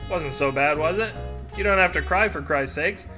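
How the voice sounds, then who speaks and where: A man's voice: a little high, normal speed, music in the background. A man hosting a podcast, making wry, joking asides and reading a short story aloud.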